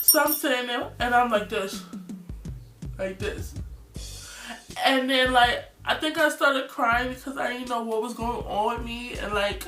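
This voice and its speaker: A woman in her twenties from New York, telling a storytime vlog story in an animated, slangy way and acting out scenes. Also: on the high side, a little slow, far from the mic. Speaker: vlogger. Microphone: phone or tablet camera. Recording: roomy, off-mic, faint music.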